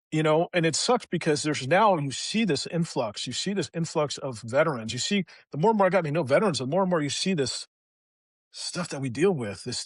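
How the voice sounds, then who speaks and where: A man's voice: fairly high pitch, slightly rough, no echo. A middle-aged man, a veteran guest on a podcast, candidly recounting a hard personal story, raw and emotional, swearing freely.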